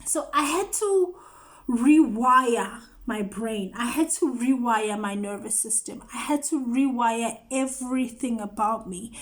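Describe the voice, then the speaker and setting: A woman's voice: a little high, slow. A woman hosting a show, giving an earnest personal testimony and repeating phrases for emphasis. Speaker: host.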